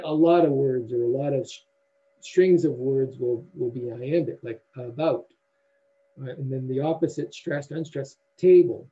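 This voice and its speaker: A man giving a university lecture in a halting way, with many fillers and restarts. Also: medium pitch, dark tone, slightly rough, muffled recording.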